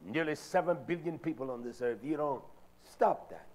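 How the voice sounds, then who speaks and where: A man with a notably high, darkish-toned voice preaches a Sabbath sermon at normal speed. He stresses each point to the congregation with fervent emphasis, though hesitant filler sounds break up his lines.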